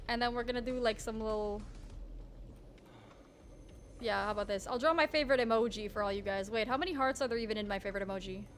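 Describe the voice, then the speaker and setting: Woman streamer, high voice, casual rambling chat with restarts, soft music underneath. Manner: chatty, self-mocking, trailing restarts. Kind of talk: casual live-stream chat while drawing.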